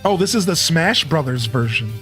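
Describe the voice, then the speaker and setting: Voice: medium pitch, animated, normal speed, a bit bright, soft background music. A streamer chatting casually with a live audience, telling a story loosely and greeting viewers by name.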